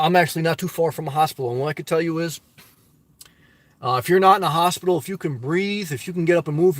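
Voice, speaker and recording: A man's voice: a little high, no room sound. A middle-aged man from the US Northeast hosts a casual live stream, reading viewer comments and giving upbeat, preachy advice straight to his audience.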